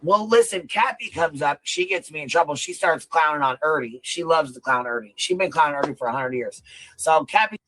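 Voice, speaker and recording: A man's voice: fairly high pitch, expressive, brisk, bright, forceful tone, a little hiss or hum, rough recording. A man ranting on a live stream clip, heated and full of swearing.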